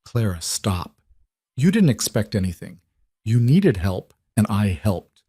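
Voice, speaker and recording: Man voicing a steady single dad, calm, reassuring, lowish voice, dry close sound. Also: unhurried, breathy edge, dry recording, heavily acted.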